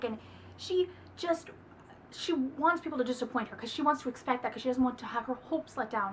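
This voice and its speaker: High-pitched gushing young woman. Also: fairly quick, slight background noise. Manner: gushing and animated, dramatic exclamations. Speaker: book reviewer. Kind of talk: casual book review chat.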